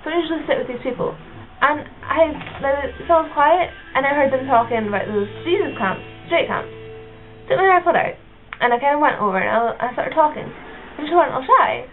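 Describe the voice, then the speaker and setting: A woman's voice: sits high, animated, a little fast, faint music behind. A seventeen-year-old girl chatting in a rambling, filler-heavy vlog. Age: teens, seventeen. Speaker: vlogger. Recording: tinny lo-fi camera audio with faint hiss.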